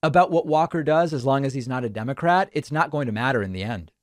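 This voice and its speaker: Male host, emphatic and animated, call-in commentary, dry close sound. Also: mid-range voice, fast, no room sound. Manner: thinks out loud, animated and emphatic. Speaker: talk show host.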